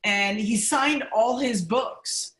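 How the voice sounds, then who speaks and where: A woman physician, a guest on a podcast, chatting casually and telling stories with animated bursts of enthusiasm over a video call. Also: a little high, slow. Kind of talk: casual interview chat. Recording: echoey room.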